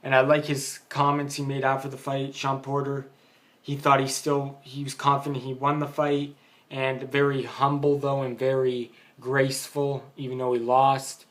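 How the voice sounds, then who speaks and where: A man's voice: mid-range voice, monotone, normal speed, a bit bright. A man giving a casual, blunt boxing opinion monologue, rambling with many fillers. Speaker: boxing vlogger.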